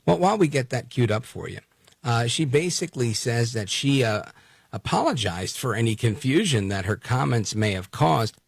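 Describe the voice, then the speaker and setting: A man's voice: mid-range voice, lively intonation, moderate pace, gravelly, dry recording, studio quality. A man hosting talk radio, going over the news in a loose, joking way with many fillers.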